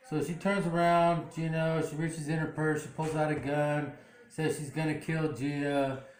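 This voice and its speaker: A channel host casually recaps a drama episode, rambling with plenty of fillers and restarts. His fairly high voice is flat and measured in pace, and the recording is reverberant.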